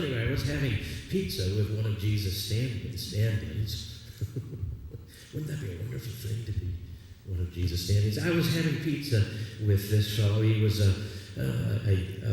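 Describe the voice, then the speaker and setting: Deep-voiced pastor preaching in an echoey hall. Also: male voice, dark tone. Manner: conversational, confessional storytelling with restarts. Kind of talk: sermon. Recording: echoey hall, distant mic, faint room noise.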